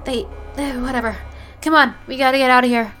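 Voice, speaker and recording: A woman's voice: high-pitched, fairly even intonation, brisk, sharp tone, soft background music. A young woman voicing a feisty hacker girlfriend with an elf avatar, swearing and bantering with laughs in a listener-addressed audio role-play. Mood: panicked. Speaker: voice actor.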